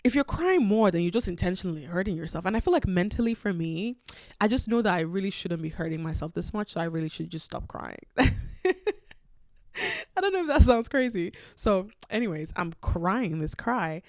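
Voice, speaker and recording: A woman hosting a solo podcast, telling personal stories candidly and expressively, jumping from loud bursts to hushed asides. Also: lowish voice, expressive, a little fast, no room sound, clean studio sound. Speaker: podcast host.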